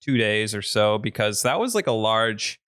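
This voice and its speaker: A man's voice: on the low side, sing-song, moderate pace, fairly bright tone, no room sound, clean studio sound. A man co-hosting a podcast, chatting casually about a movie, rambling and laughing often as he restarts his sentences. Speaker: podcast co-host.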